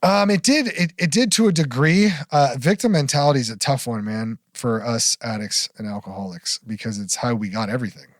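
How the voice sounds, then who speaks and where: A middle-aged man speaking as a podcast guest, telling his story frankly and with blunt swearing. His voice sits in a middle pitch and sometimes sinks to a near-whisper. The sound is dry and close, with no room echo. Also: brisk, few pauses. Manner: frank, profane, drops to near-whisper at heavy moments. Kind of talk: candid storytelling interview.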